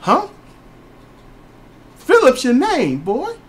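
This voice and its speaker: Man doing a high teary mother voice, scolding, swooping pitch. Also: huge pitch swings, very slow, heavily acted.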